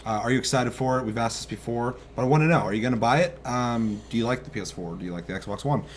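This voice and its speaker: A young man co-hosting a casual gaming news chat, loose and excitable, swearing casually. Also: mid-range voice, fast talker, slight background noise. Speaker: co-host.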